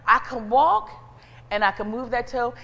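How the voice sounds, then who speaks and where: A woman preacher gives an animated, conversational sermon, calling out to her congregation. Her voice sits on the higher side and carries a long hall reverb from the church sanctuary. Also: normal speed. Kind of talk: sermon with personal testimony.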